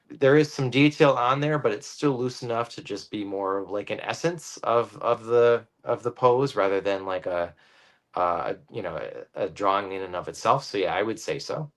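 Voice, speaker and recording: A man who is a guest comic artist, explaining his drawing process casually and thinking aloud with many pauses. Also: mid-range voice.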